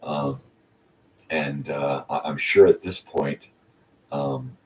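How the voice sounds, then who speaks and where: A man's voice: extremely low pitch, steady tone, takes it slowly. An older man hosting his own channel, telling a casual, rambling story full of ums and restarts. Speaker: channel host. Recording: distant mic with faint hiss.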